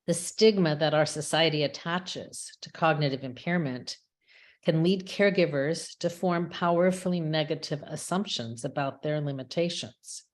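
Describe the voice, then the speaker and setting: A woman giving a measured, reflective prepared talk as a webinar speaker, with small restarts now and then. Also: low-pitched. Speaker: rabbi and chaplain speaker. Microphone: webinar microphone.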